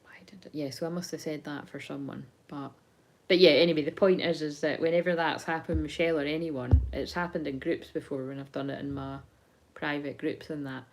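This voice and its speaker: A woman's voice: low-pitched, fairly even intonation, brisk, darkish tone, a little hiss or hum, rough recording. A woman, a psychic tarot reader chatting casually on a live stream into her phone, rambling, swearing and laughing as she goes.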